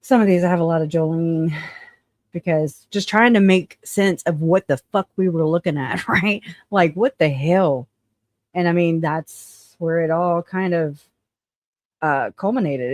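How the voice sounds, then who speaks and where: A live-stream host talks casually and profanely, laughing and thinking out loud while digging through notes. The voice sits at a middle pitch and sounds dry and close to the mic, with no room echo. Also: a little slow.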